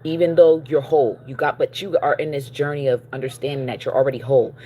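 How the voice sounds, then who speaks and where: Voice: medium pitch, fairly even intonation, fast talker, mellow, a little hiss or hum. Chatty, encouraging tarot reader voice. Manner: encouraging, checks in with listeners with frequent "okay?" and "all right?"; loose and chatty, with fillers and self-corrections. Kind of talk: casual spiritual card reading.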